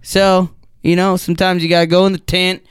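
A man's voice: sits high, level tone, a little fast, clean tone, no room sound, studio quality, lightly acted. A man playing a drunk, crude football coach who rambles and swears heavily at a mock press conference. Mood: rambling. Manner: rambling, stumbling, heavy swearing. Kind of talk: improvised comedy sketch.

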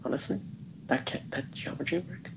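A student in their late teens chatting casually, blunt and opinionated, often stumbling and restarting words. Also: normal speed. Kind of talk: casual chat. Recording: noisy background.

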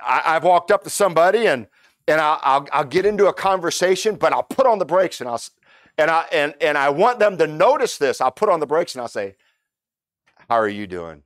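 A middle-aged pastor delivers a casual Sunday sermon in a fairly high voice. He talks in a folksy, stop-and-start way, often repeating words. The sound is close and dry, with little room echo. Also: very animated, brisk.

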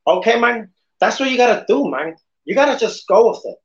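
A man's voice: extremely high pitch, lively intonation, a little fast, a bit bright, echoey room, pitched above the performer's own voice. A man putting on a tough, swaggering gangster impression, with a slight lisp, ending almost every phrase with "man". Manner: says "man" after nearly every phrase. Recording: dull lo-fi podcast audio.

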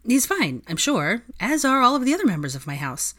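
A woman's voice: fairly high pitch, big pitch swings, fairly bright tone, pitched above the performer's own voice. A woman voicing a clever young female student who gets defensive and flustered. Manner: defensive, quick protesting.

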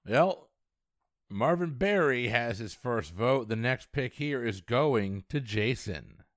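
A man's voice: medium pitch, expressive, slow pace, no echo, clean studio sound. A man hosting a casual podcast, moving the picks along with playful asides. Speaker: podcast host.

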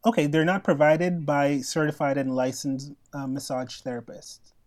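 A man's voice: on the high side, level tone, moderate pace, a little mellow. A man co-hosting a podcast from Canada, chatting casually and animatedly, often laughing and acting out quoted voices. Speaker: podcast co-host. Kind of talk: casual chat.

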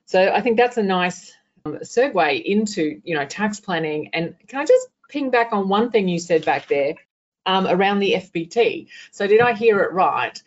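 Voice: medium pitch, expressive, normal speed, highs cut off. An interviewer who works as an accountant and coach, asking questions in a chatty way with frequent "um". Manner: chatty, thinks aloud with "um". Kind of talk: conversational interview.

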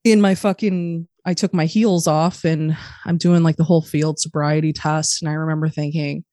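A young adult woman on a podcast, candidly telling a personal story in a profane, animated way and acting out the voices of the people in it. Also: low-pitched, normal speed, dry recording, clean studio sound. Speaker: podcast guest.

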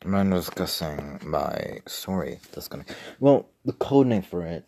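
Young man, deep gravelly voice, profane rambling livestream chat, mumbled asides, faint background hiss. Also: big pitch swings, a little slow, darkish tone. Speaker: streamer.

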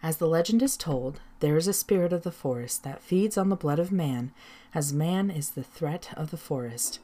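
A woman's voice: sits low, animated, moderate pace, mellow. A woman narrating her own folk tale as host of a storytelling podcast. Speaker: storyteller and author.

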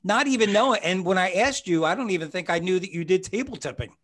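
A man's voice: high voice, expressive, quick pace, fairly bright tone. A man hosting a podcast as a psychic medium, talking in a rambling, chatty way and often correcting himself. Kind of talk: casual conversation.

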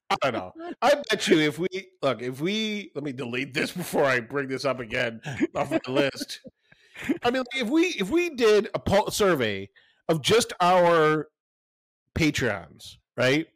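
A man's voice: a little high, measured pace, dry recording. A middle-aged man co-hosting a podcast, telling stories in casual chat and swearing freely. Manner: animated storytelling, swears often. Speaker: podcast co-host.

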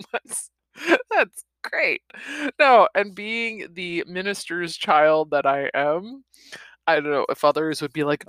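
A woman's voice: sits low, a bit bright, no echo. A woman reading a novel aloud and stopping for chatty, laughing comments. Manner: chatty, laughs between passages. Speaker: reader.

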